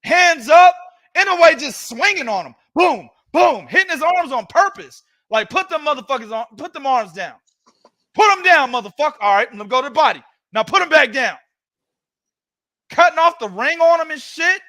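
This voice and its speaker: A man hosting a boxing podcast, giving heated, profane, loud ranting commentary. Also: very high voice, lively intonation, moderate pace.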